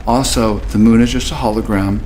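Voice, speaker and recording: A man talking in a rambling, casual monologue to his camera, dropping absurd jokes in a deadpan way. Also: fairly low pitch, a little fast, background noise. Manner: jokey, absurd deadpan asides. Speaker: vlogger.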